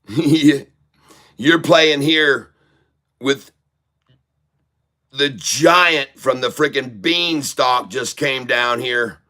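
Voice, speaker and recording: A man's voice: mid-range voice, extremely slow, pauses often, bright, forceful tone. A man giving live stock trading commentary, boastful and teasing with crude jokes and frequent laughs. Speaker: stock trader streamer.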